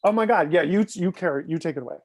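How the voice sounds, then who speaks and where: The voice is a little high with a darkish tone, belonging to a man appearing as a guest on a casual live stream. He trades gossipy stories rapidly and laughs often.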